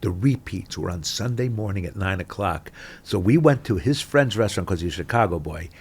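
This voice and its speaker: An older man with a low, gravelly, husky voice tells stories in a lively interview chat. He jumps between loud bursts and quiet mutters as he goes. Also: a little fast. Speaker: guest actor.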